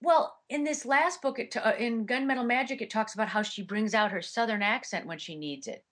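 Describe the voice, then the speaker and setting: A woman's voice: on the high side, fairly quick, fairly bright tone. A woman audiobook narrator answering interview questions in a chatty way, with many fillers and restarts.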